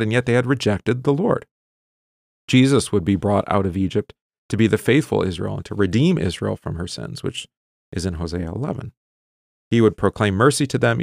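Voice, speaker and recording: A man's voice: on the low side, vocal fry, no echo, clean studio sound. A middle-aged man, a pastor, reading long scripture passages with rising emphasis and explaining them in loose, filler-laced asides. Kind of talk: bible reading and teaching.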